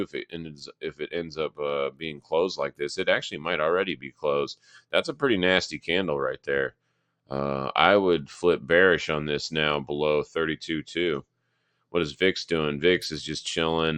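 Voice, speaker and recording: A man with a very low, smooth voice talks through charts in a loose, rambling way. He sounds like he is thinking aloud on a live market stream, recorded dry and close. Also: a bit bright, dry recording. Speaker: market analysis host.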